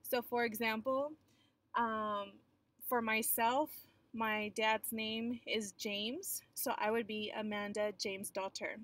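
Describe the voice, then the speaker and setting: A woman's voice: a little high, fairly even intonation, slow, fairly bright tone. A young adult woman teacher giving a recorded geography lecture in a chatty, explanatory way with frequent filler sounds.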